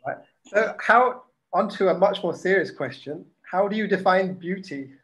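A man co-hosts a casual interview, putting questions in a dry, playful way. His voice sits notably high for a man. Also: normal speed, fairly bright tone. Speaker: co-host.

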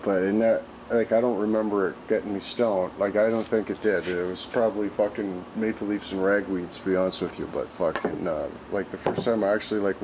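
A man's voice: fairly low pitch, noisy background. Rambling, foul-mouthed man. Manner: rambling, heavy swearing, many fillers. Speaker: vlogger. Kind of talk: casual storytelling vlog.

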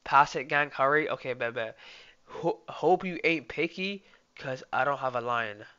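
A young man streaming live and reacting loudly, laughing and often saying "oh my days" and "bro". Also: mid-range voice, lively intonation, a little slow, smooth. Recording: dull lo-fi sound with faint music. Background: faint background music.

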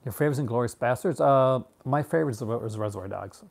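A Canadian man in his thirties chats casually with viewers about films and answers their questions, rambling with lots of restarts, fillers and frequent laughter. His voice is medium-pitched and a little mellow, with vocal fry, and he talks fast.

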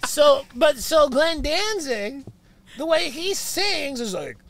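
Raspy high-voiced man from Canada. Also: big pitch swings, slow pace, fairly bright tone. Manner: swears freely, jumps into voices mid-story. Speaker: podcast guest. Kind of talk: casual storytelling chat. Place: inside a van. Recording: faint noise in a vehicle.

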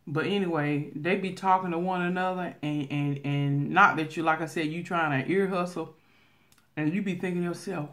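Eating on camera, a vlogger with a Southern country drawl and a voice on the low side chats through a story at normal speed. She talks and laughs loudly in a casual way.

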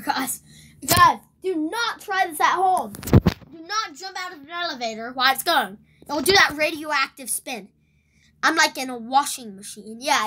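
A woman hosting a let's play video, rambling and excitable, shrieking whenever something surprises her in the game. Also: sits high, noisy background. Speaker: gaming video host.

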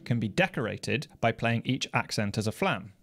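A man explaining drum technique in a measured, precise, methodical way. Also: medium pitch, lively intonation, vocal fry, loud music behind the voice. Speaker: drum teacher. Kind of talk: instructional explanation. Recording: loud noise from snare drum playing. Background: snare drum playing.

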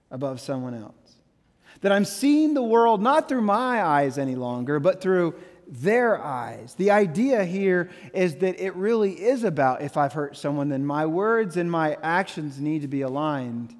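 A man in his thirties preaching a sermon, animated, with playful asides and quotes he acts out. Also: sits high, measured pace, in a large hall. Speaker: pastor.

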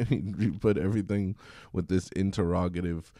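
A man giving a recorded college music lecture in a relaxed, chatty way, singing short examples. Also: low voice, normal speed, gravelly, no room sound, studio quality.

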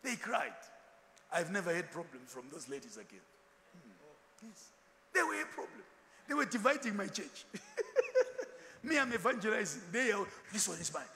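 A bishop preaches in a high, sharp voice, throwing questions to his listeners and telling stories with humour. His sermon rings with long reverb through a church hall, over faint background noise. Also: very animated, a little slow, pauses often. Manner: call-and-response preaching with rhetorical questions; humorous storytelling, laughs often.

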